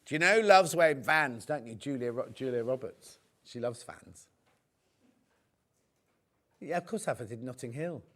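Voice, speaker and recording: A man's voice: medium pitch, expressive, moderate pace, long pauses, fairly bright tone. A middle-aged man hosting a live shopping show, chatting and joking as he rambles into anecdotes between prices. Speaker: shopping channel presenter.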